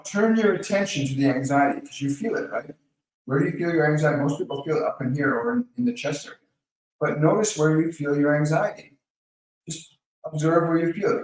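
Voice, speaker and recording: A man hosting a live question-and-answer stream, calmly coaching viewers by name and guiding them through slow breathing. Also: on the high side, distant mic. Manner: calm, coaching, speaks directly to viewers by name. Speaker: host of a live Q&A. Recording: very echoey room, voice off-mic.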